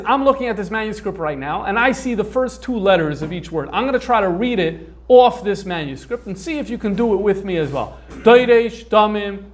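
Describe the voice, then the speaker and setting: High-voiced man lecturing with many fillers. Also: expressive, brisk, few pauses. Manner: conversational, thinks aloud with frequent fillers. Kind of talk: informal lecture on manuscripts.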